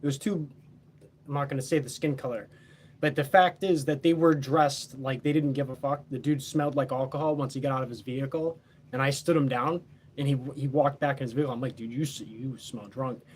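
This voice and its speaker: A man's voice: medium pitch, steady tone, fairly quick, darkish tone, husky. A man telling a story in a casual, boastful, heavily profane, rambling way.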